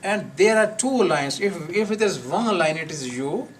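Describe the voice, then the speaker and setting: A man teaching a live class on pronunciation, slowly repeating words and sounds for his students. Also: sits high, lively intonation. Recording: distant mic with faint noise.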